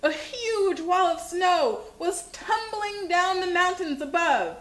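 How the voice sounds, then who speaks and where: A woman hosting a children's livestream, reading a picture book aloud with animated expression. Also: very high-pitched, slow pace. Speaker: children's show host. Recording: echoey room.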